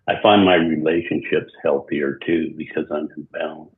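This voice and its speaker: Deep man on a tinny line. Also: fairly even intonation. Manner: reflective, halting, with restarts. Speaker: podcast guest. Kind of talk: casual discussion.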